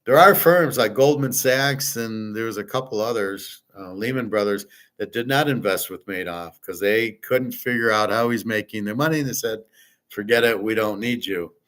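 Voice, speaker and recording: A man's voice: on the low side, normal speed, a bit bright. A male host in a blunt, emphatic rant, swearing freely and rambling with restarts. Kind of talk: casual rant to camera.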